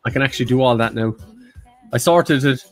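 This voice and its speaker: A man's voice: mid-range voice, fairly quick, soft background music. A man co-hosting a live quiz stream, chatting playfully and fooling with his mic. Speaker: quiz show co-host. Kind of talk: casual live-stream chat.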